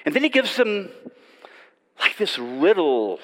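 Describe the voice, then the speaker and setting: A man preaching a sermon and telling a story in an animated way, often repeating phrases. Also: high voice, slow pace, big-room sound.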